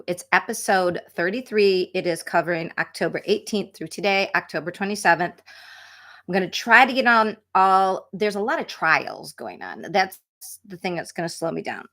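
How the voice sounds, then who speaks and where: Middle-aged woman, true crime host, chatty live-stream delivery with lots of fillers and restarts; slightly low voice. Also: a bit bright. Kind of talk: casual live-stream chat.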